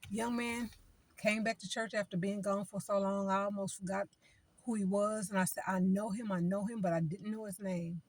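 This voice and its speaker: A woman's voice: mid-range voice, steady tone, moderate pace, darkish tone, dry recording. Woman preaching casually in a dry room. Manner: conversational, repeats phrases, acts out quoted people. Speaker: vlogger giving spiritual advice. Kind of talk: informal preaching to camera.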